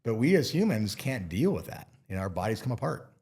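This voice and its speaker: Deep-voiced man explaining bear safety calmly. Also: a little fast, breathy edge. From Montana. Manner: relaxed, explains with playful acted-out asides. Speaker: bear expert guest. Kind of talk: casual interview talk.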